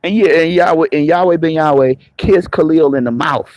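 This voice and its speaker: Raspy man ranting on a stream. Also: fairly high pitch, a little fast, darkish tone, dry recording, rough recording. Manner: confrontational, profane, mocking. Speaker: online commentator. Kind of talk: live-streamed rant. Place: moving around on the go, patchy signal.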